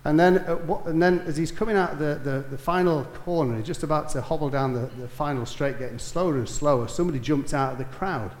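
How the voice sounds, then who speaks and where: A man preaching a sermon, telling a story that swells to emphatic peaks and drops to soft, quiet lines. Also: fairly high pitch, quick pace, few pauses, echoey room.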